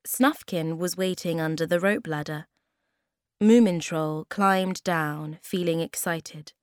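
A woman narrating a children's storybook chapter, reading in a clear, gentle way. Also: on the low side, takes it slowly, dry recording, studio quality. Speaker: storybook reader.

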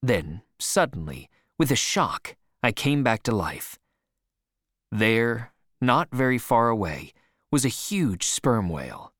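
A man narrating an adventure story as a scripted audiobook, expressive and measured. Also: mid-range voice, no echo, studio quality.

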